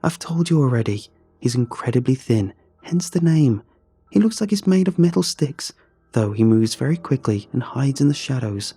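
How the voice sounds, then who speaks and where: An eager, matter-of-fact teenage girl in a spooky audio story, played by a man raising his voice. She talks a little husky and mellow, pressing her point. Faint music sits underneath. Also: medium pitch, big pitch swings, normal speed, voice pushed up. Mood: insistent. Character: eager teenage girl, ghost-hunting friend. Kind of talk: horror story reading.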